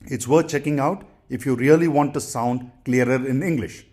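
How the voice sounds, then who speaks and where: A man teaching English pronunciation, saying each practice word twice in a deliberate, instructional way. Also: mid-range voice, darkish tone. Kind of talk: slow instructional drilling.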